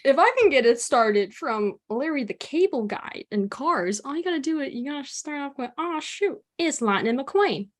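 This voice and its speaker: A woman with a Chicago accent, chatting in a lively, laughing way as a podcast host. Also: sits high, normal speed, hardly any pauses. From Chicago area, USA. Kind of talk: casual interview chat.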